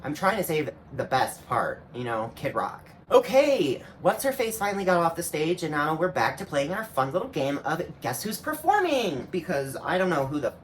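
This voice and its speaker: A man's voice: a little high, big pitch swings, moderate pace, hardly any pauses. A man reacting on camera in a sassy, snarky way, tossing out slangy asides in a casual running commentary. A faint hiss sits under his voice throughout. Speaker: reaction video host.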